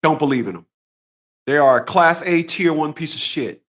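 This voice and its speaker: A man's voice: a little high, normal speed, a bit bright. A man hosting his own channel, talking in a casual monologue. He is blunt and profane, and he repeats phrases over and over for emphasis. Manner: boxing talk, combative. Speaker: channel host.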